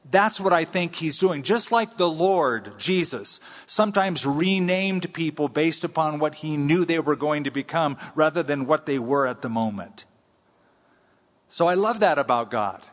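A man preaching a conversational sermon, teaching from the Bible with animated swings between high and low. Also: a little slow. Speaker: pastor. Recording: long reverb in a large hall.

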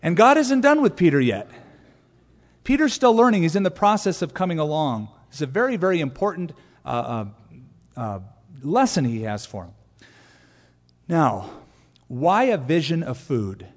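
Animated preaching man in a reverberant hall. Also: on the high side, normal speed, long pauses. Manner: animated preaching with acted-out quotes and asides. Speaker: pastor. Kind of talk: sermon. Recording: long reverb of a church hall.

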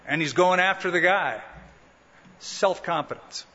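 Bright-voiced pastor preaching in a hall. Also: male voice, moderate pace, a little hiss or hum. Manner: animated, acts out quoted voices with rising pitch. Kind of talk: sermon. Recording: muffled, echoing hall recording.

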